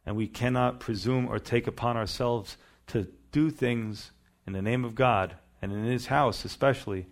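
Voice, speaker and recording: A male pastor preaching a sermon, building to emphatic bursts and then dropping to quieter asides. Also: mid-range voice, normal speed.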